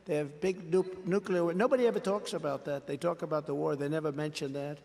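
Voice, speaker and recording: A man's voice: on the high side, steady tone, fast talker, vocal fry, darkish tone. An older man giving a rally speech, repetitive and boastful, acting out conversations with others. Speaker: politician at a rally. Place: large rally venue. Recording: long hall reverb.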